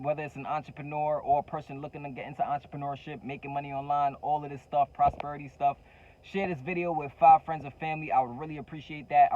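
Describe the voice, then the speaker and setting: A man's voice: a little high, darkish tone, lo-fi sound, slight background noise. A man hosting his own channel, giving a motivational talk to the camera with fervent repetition of key phrases and casual slang. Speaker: entrepreneur coach and channel host.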